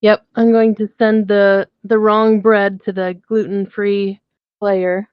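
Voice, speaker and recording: A woman's voice: mid-range voice, flat delivery, slow pace, clean tone, dry recording. A woman playing in a tabletop game, speaking briefly and matter-of-factly. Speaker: player. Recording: dull lo-fi mic.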